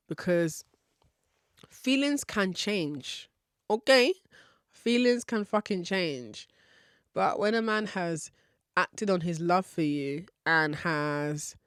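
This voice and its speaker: A woman's voice: lowish voice, no echo, studio quality. A woman hosting a podcast, giving frank relationship advice in a candid style, swearing casually and laughing often. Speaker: podcast host.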